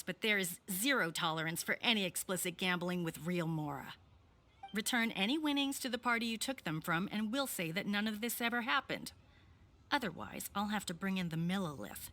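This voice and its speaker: A bright, clear female staffer in a game, courteous yet firm as she lays down the rules, voiced by an actress. Her voice stays composed and even-tempered. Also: mid-range voice, natural voice. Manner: courteous but stern. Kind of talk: game voice acting.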